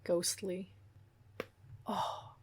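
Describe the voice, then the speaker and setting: A woman co-hosting a podcast in casual chat, laughing often, swearing and filling gaps with um and like. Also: drawn-out words. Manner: laughing, swearing, lots of fillers. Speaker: podcast co-host. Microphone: podcast mic.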